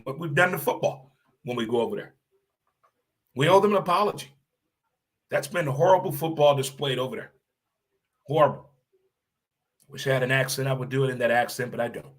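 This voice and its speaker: A man's voice: medium pitch, fast talker. Emphatic man hosting a solo podcast rant. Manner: animated, emphatic, repeats phrases for effect; blunt, occasional swearing. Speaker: podcast host.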